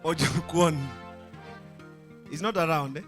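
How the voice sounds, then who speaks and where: A man's voice: on the high side, measured pace, faint music behind. A man working as MC at a live comedy show, speaking casually and rallying the crowd to clap. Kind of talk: live event announcing.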